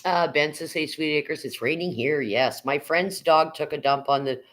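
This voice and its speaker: A woman's voice: low-pitched, moderate pace, rough recording. Older woman rambling through a livestream chat. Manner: rambling, reads viewer chat aloud, swears casually. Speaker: livestream host. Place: at home.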